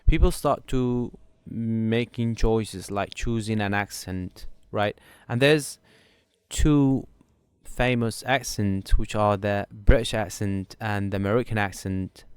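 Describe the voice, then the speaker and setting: A man's voice: on the low side, slow pace, smooth, no echo. A man hosting a casual interview, chatty and peppering his questions with fillers. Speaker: host.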